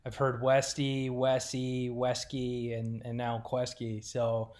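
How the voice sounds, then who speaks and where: A man's voice: mid-range voice, monotone, takes it slowly, darkish tone. A man in his thirties, from Rochester, New York, chats as a guest on a podcast. He talks in a loose, rambling way, full of little fillers, and laughs easily. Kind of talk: casual chat.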